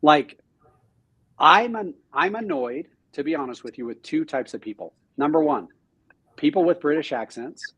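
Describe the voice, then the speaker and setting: An animated man speaks as a guest on a casual podcast, joking at his own expense and restarting his thoughts. His voice is a touch high and noticeably husky. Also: moderate pace. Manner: animated and self-deprecating, frequent restarts. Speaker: real estate team leader, podcast guest. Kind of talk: casual interview chat.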